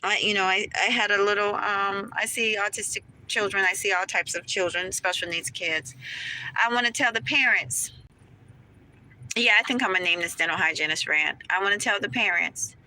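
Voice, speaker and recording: A woman's voice: medium pitch, normal speed, sharp tone, slight background noise, poor audio. Ranting woman dental hygienist in a car. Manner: emphatic, preachy, addresses viewers directly. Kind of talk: casual vlog rant.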